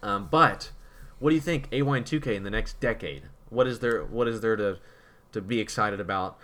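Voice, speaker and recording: A man's voice: fairly low pitch, fairly quick, fairly bright tone. A man co-hosting a podcast in casual chat, rambling and repeating words as he thinks. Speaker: podcast co-host.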